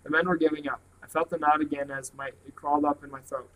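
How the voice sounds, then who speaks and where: A man reading a novel aloud at a plain, steady pace. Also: fairly high pitch, fast talker, low-quality recording. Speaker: reader.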